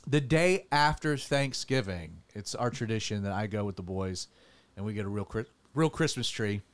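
A man's voice: fairly low pitch, expressive, normal speed. A man, a pastor hosting a casual studio podcast, joking and rambling with restarts.

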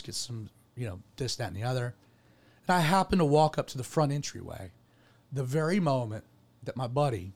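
A man hosting a podcast, telling a personal story in an earnest, rambling way with frequent restarts. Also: mid-range voice. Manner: earnest, rambling, self-correcting. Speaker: podcast host. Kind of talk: casual chat, personal storytelling.

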